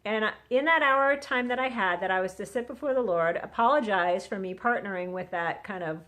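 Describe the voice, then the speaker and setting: A middle-aged vlogger gives casual Christian encouragement into a phone on a selfie stick, her medium-pitched voice a bit bright and fairly quick. Earnest and chatty, she acts out quotes as she shares her devotional.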